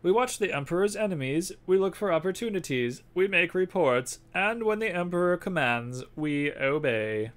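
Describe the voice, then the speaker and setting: A man's voice: high voice, lively intonation, a bit bright, pitched above the performer's own voice. Man reading as a formal old spymaster. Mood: formal briefing. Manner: reading game dialogue aloud in a formal, slow, slightly raised voice. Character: older male spymaster, formal and commanding. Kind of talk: reading game dialogue during a livestream.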